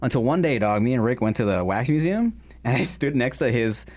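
A man's voice: medium pitch, expressive, a little fast, darkish tone. A young man hosting a food vlog, chatting casually and profanely while eating. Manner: profane and laid-back, says "dog" often. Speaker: vlog host.

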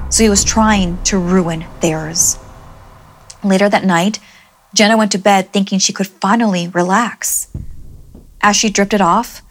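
A woman with a mid-range voice narrates a scripted horror story dramatically. Her delivery shifts between brisk and drawn-out.

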